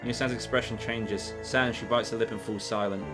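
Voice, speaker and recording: Very low-voiced woman narrating a game. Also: steady tone, brisk. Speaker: streamer. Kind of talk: narrating a visual novel playthrough. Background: game music.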